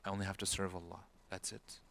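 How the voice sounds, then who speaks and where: A man's voice: low voice, level tone, fast talker, vocal fry, fairly bright tone, slight background noise. Imam guy telling a story in a laid-back talk, bits of arabic all over, jumps up when he's quoting people. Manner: storytelling, acts out quoted people in raised voice; sprinkles Arabic words and phrases. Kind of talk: talk-style religious lecture.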